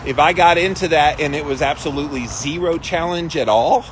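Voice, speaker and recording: A man's voice: fairly high pitch, brisk. A middle-aged man hosting a casual live stream outdoors, greeting viewers by name and chatting about his ice bath routine. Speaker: host. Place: outdoors on a windy day. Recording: wind noise on the mic.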